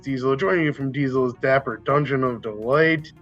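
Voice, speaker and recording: A man's voice: medium pitch, normal speed, hardly any pauses, highs cut off, faint music behind. A man hosting a sports podcast, chatting casually and rambling with restarts. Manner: rambling, self-correcting. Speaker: podcast host. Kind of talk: casual chat.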